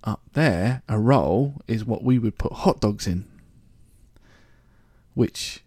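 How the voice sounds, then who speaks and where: A man's voice: on the low side, expressive, slow pace, mellow, no room sound, studio quality. A man from London with a London accent, hosting a solo podcast in a chatty, joking, rambling way. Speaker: podcast host. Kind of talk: casual solo podcast monologue.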